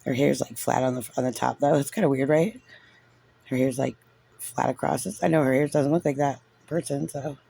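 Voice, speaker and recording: A man's voice: medium pitch, fairly even intonation, normal speed, vocal fry, dark tone, husky. A man giving casual, sarcastic and frustrated reaction commentary on a recorded meeting, saying "like" constantly. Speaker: parent reviewing a recorded meeting.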